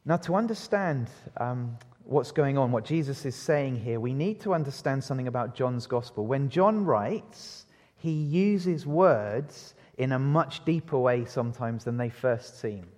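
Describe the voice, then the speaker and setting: A man preaching an evening sermon, asking the congregation rhetorical questions and shifting pace and loudness for emphasis. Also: mid-range voice, expressive, unhurried. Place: church. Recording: long reverb of a church hall.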